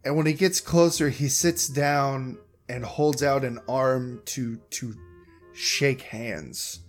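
A man's voice: medium pitch, takes it slowly. A man narrating a tabletop game as the game master in a playful way, over faint music. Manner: playful, laughing often.

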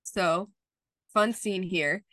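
A woman's voice: fairly low pitch, very slow, a bit bright, no echo, studio quality. A woman co-hosting a podcast, recapping an episode in a casual chat as an enthusiastic fan, talking in loose run-on phrases. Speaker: podcast co-host.

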